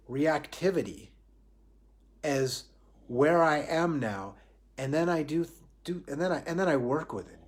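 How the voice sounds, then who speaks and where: Guy doing a spiritual livestream talk, thoughtful, restarts a lot, mid pitch. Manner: reflective, repeats and restarts phrases, asks himself questions. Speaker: spiritual teacher. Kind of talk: Facebook Live spiritual talk.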